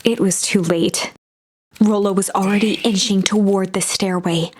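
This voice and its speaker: A woman narrating the story text of a game, in a storybook style, with a hushed delivery in tense passages. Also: mid-range voice, fairly even intonation, normal speed.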